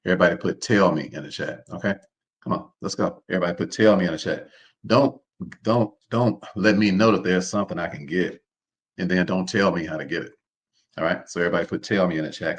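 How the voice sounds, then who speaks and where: A man hosting a live online seminar. He talks in an informal, preacher-like way, repeats his phrases and keeps calling on the listeners to respond. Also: low voice. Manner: preacher-like, calls on the audience to respond. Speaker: host.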